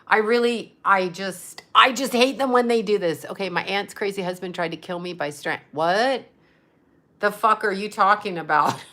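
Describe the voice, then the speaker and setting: A woman's voice: mid-range voice, fairly bright tone. A woman, a psychic medium, chatting casually on a livestream, reading out comments and rambling in an exasperated tone, swearing freely, into a phone mic.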